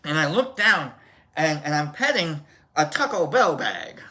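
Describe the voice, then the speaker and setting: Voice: medium pitch, sing-song, measured pace, bright, forceful tone. A live stream host chatting casually, telling a rambling story and greeting viewers in the chat.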